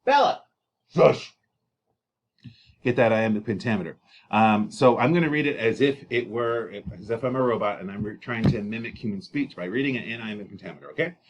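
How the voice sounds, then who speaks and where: A man's voice: on the low side, quick pace. A man, an English teacher, giving a casual recorded slideshow lesson with joking asides and many fillers.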